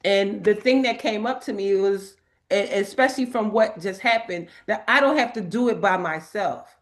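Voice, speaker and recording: A woman hosting a spiritual talk, animated and emphatic, laughing often as she reads inspirational cards. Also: medium pitch, moderate pace. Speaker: host. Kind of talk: spiritual talk and card reading.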